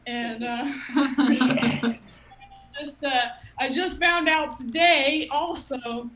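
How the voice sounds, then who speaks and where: A woman's voice: sits high, very slow, roomy sound, noisy background. A woman in her thirties from Ohio doing a rambling, self-mocking open mic stand-up set, laughing at her own jokes. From Ohio, USA. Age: 30s. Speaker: stand-up comic.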